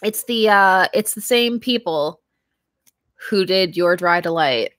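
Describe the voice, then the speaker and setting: A woman's voice: lowish voice, slow, fairly bright tone, no room sound, clean studio sound. A young woman streaming live, chatting casually with viewers, laughing often and trailing off mid-sentence. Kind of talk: casual livestream chat reading viewer comments.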